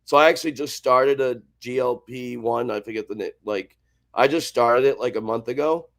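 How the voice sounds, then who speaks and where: A man's voice: mid-range voice, normal speed, creaky, a bit bright. A man guest on a panel chat, rambling and filling his talk with "like" and restarts. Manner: rambling, says like constantly, restarts a lot. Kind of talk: casual chat.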